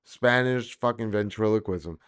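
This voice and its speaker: A man's voice: lowish voice, normal speed, fairly bright tone, clear, resonant tone. A man hosting a podcast, chatting and joking casually with a guest. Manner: joking, puts on mock voices. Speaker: podcast host.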